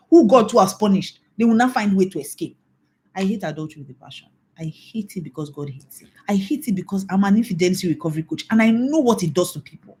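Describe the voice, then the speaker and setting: A woman's voice: mid-range voice, darkish tone. A middle-aged Nigerian woman pastor giving a mentoring talk, emphatic and scolding, repeating her warnings. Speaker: pastor and infidelity recovery coach.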